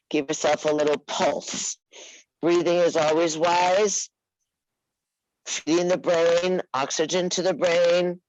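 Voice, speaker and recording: A woman teaching a live yoga class, giving unhurried, coaxing cues and teasing her students by name. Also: on the low side, no room sound, poor audio. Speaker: yoga instructor.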